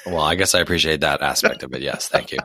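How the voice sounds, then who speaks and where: A man co-hosting a podcast, talking casually and jokingly with a hoarse voice from a cold. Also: a bass voice, fast talker, bright, forceful tone. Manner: joking, conversational. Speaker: podcast co-host. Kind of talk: casual chat.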